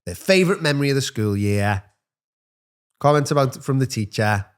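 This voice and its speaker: A man's voice: mid-range voice, normal speed, clear, resonant tone. Chatty man telling school stories. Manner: animated storyteller who acts out voices in his anecdotes. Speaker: teacher and podcast co-host. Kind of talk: casual podcast chat.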